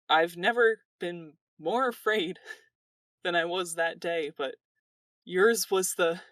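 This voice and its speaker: A game master voicing a sincere, stammering young man who works at a temple, raised in pitch and halting. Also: fairly bright tone, dry recording. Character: earnest young male temple attendant.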